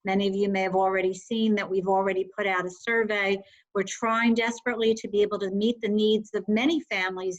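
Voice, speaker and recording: A woman's voice: medium pitch, muffled recording. A woman school superintendent giving earnest, heartfelt remarks at a board meeting.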